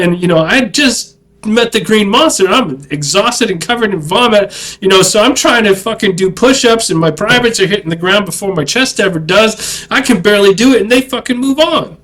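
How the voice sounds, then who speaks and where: A man's voice: high-pitched, expressive, brisk, a bit bright, low-quality recording. A male army veteran telling a casual, rambling story with plenty of profanity and self-mockery.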